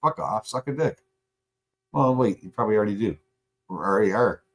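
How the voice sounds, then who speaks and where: Speaking a little fast in a lowish, animated voice, a male streamer unleashes a live chat rant. He's combative and profane, angry and confrontational, with a sarcastic bite.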